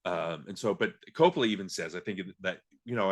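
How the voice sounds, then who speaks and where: Man, podcast host, casual chat, animated, laughs often. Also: sits low, a little fast. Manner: animated, laughs often, acts out movie lines.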